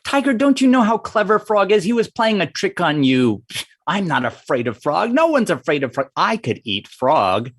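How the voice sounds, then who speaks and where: A man voicing a cocky male fox, a mocking know-it-all, raised higher and brighter than his own voice for a told folktale. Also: sing-song, normal speed, husky, no echo, full character voice. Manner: mocking and confident.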